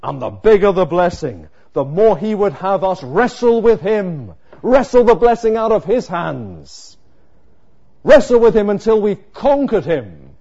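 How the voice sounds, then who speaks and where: A man preaching an expository sermon, dramatic, moving from hushed lines to emphatic ones. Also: sits high, very animated, unhurried. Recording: muffled lo-fi sermon recording.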